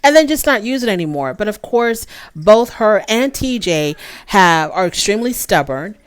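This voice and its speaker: A woman's voice: medium pitch, animated, normal speed, smooth, no room sound. A woman giving a casual, opinionated recap of a show, chatty and full of fillers. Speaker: show reviewer.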